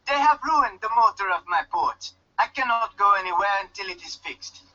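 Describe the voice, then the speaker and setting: A curt island loner, put-on Jamaican lilt. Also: male voice, high-pitched, bright, forceful tone. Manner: stiff and curt, no contractions. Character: guarded loner fisherman marooned on an island. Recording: dull lo-fi game audio.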